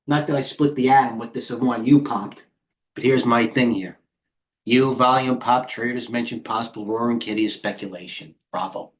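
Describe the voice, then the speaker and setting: A man's voice: mid-range voice, normal speed. A man, hosting a live trading stream in brash, rambling commentary that reads out chat and lets slip swear words. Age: 50s. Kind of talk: casual live market commentary.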